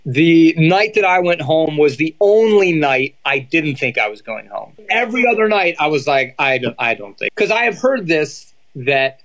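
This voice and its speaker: Animated man telling stories, slightly high voice. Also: normal speed, few pauses, poor audio. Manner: animated, filler-heavy, acts out quotes. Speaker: podcast guest, former reality dating show contestant. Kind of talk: casual storytelling chat.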